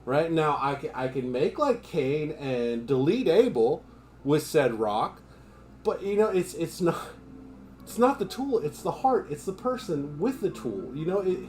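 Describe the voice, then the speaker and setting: A man's voice: fairly high pitch, animated, measured pace, darkish tone. Profane ranting male live streamer. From United States. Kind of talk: casual live-stream chat.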